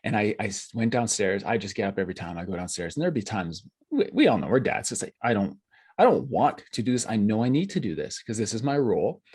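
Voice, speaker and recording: A man's voice: lowish voice, very animated, darkish tone, slightly rough. A man hosting a podcast, chatting with enthusiasm and agreeing often. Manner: enthusiastic, quick affirmations. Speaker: podcast host. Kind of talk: casual conversation.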